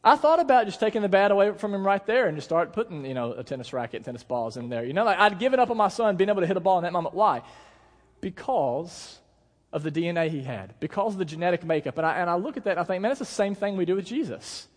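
Man, pastor, sermon, casual storytelling, congregation asides, slightly high voice, long church reverb. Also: lively intonation, fast. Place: church sanctuary.

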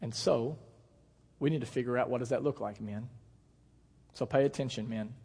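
A man's voice: medium pitch, darkish tone, husky. A man in his thirties, a pastor, preaching a sermon with earnest emphasis and playful storytelling asides. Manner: earnest, emphatic preaching with slowed stress on key words. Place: church sanctuary. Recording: long church hall reverb.

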